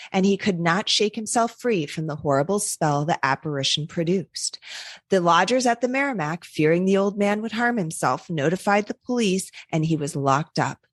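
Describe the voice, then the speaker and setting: Podcast host lady reading an old ghost story, kinda low voice, dry close sound, chatty side comments. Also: dry recording. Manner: reads aloud with chatty asides.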